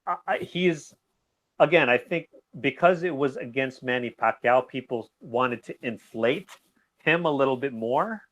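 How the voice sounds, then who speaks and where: A man guesting on a boxing talk show, rambling in an animated way and laughing easily. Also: mid-range voice, normal speed. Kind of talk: casual boxing recap chat.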